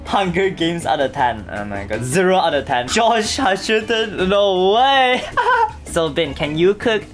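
A young man, a VTuber streamer giving hyper, theatrical comedy reactions full of drawn-out exclamations and crude jokes. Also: high voice, big pitch swings, soft background music.

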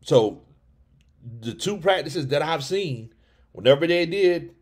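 A man hosting a lively sports livestream, reading chat comments, laughing often and stumbling over his words as he talks. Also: a little high, slow. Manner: animated, laughs often, frequent restarts and stammers. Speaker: sports vlog host reading live chat. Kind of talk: excited casual livestream chat.

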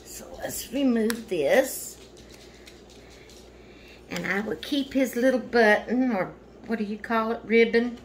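Woman vlogger, unhurried and effusive, noisy home recording. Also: fairly high pitch. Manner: gushing, repeatedly thanking and exclaiming. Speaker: vlogger unboxing a doll. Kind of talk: casual unboxing chat. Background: household noise, dog barking.

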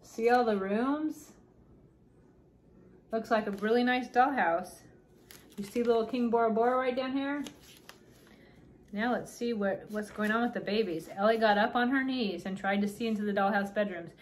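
A middle-aged woman reads a children's chapter book aloud in a gentle voice, now and then pausing to point out what is in the pictures. Her voice sits slightly high. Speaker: parent reading aloud.

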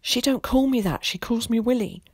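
A woman's voice: fairly high pitch, normal speed, a little mellow, breathy edge, no room sound, clean studio sound, voice pushed up. A woman reading aloud, voicing a frightened, ashamed small boy who pleads timidly and often whispers. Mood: timid pleading.

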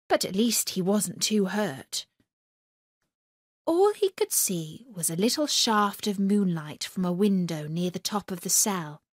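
A woman narrates a children's story for English learners, reading slowly and clearly with lively expression. Her voice is bright and forward, and the recording is dry and close. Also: mid-range voice, no echo.

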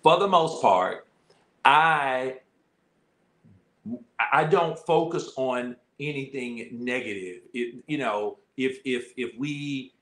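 Folksy man with a bright voice. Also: mid-range voice, slow pace. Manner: folksy, repeats himself, laughs at his own stories. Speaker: guest. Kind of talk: casual conversation. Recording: roomy studio echo.

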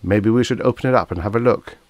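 A stern, suspicious starship captain who gives curt, commanding orders, read by a man. The deep voice is raised slightly for the part, recorded close and dry. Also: fast talker, dry recording, lightly acted. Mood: brusque. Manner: brusque and commanding.

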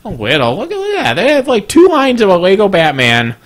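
A man's voice: high voice, huge pitch swings, fairly quick. A man co-hosting a casual podcast, blunt and joking, who swears freely. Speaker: podcast co-host.

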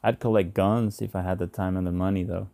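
A man's voice: low-pitched, steady tone, a little fast, vocal fry, warm tone, no echo. A man reading aloud and voicing a friendly, self-assured male neighbor who speaks in an easygoing, amused, chatty way, in a dry close recording.

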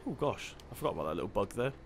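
A man's voice: fairly low pitch, very animated, very fast, vocal fry, a little hiss or hum. A man giving casual let's-play commentary, chatty and self-deprecating, thinking aloud as he plays. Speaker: gaming channel host.

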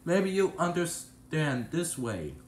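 A man's voice: a little high, sing-song, slow, echoey room, a little hiss or hum, voice pushed up. A man voicing a polite, fussy middle-aged town mayor in a storybook tale. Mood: courteous.

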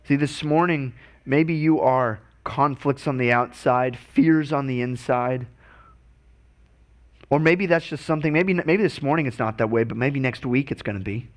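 A man's voice: mid-range voice, normal speed. Guy preaching a sermon, earnest pastor, trips over his words and repeats them.

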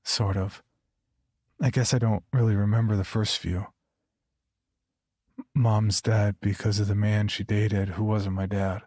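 A man narrates a first-person horror story in a quiet, halting, subdued voice. His tone is low and husky. It is recorded dry and close, with faint music underneath. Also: little pitch movement, dry recording.

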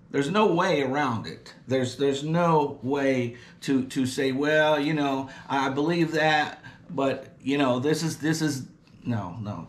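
Slow, emphatic preaching man, roomy sound. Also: fairly high pitch. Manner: emphatic, repetitive, punctuated with "amen". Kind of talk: sermon.

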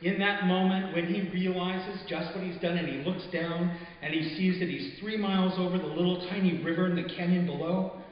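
A man reading his own short stories aloud at a live event, in a measured, intimate way that sinks softly at quiet moments. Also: high voice, fairly even intonation. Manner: measured, intimate storytelling with soft drops. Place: arts venue stage, before an audience. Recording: echoey hall, dull muffled sound.

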